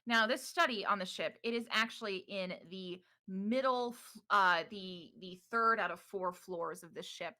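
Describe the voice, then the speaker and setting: A woman's voice: medium pitch, normal speed, hardly any pauses, pushed and bright. A young adult woman narrating as game master in a chatty, affectionate way, with frequent ums.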